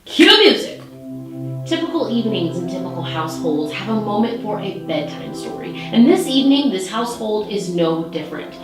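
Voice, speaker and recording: A woman's voice: medium pitch, animated, a little fast, few pauses, music in the background. A young woman in her twenties hosting her own show, telling a story in a bubbly, chatty way full of likes. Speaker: show host. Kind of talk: casual storytelling. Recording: very echoey room.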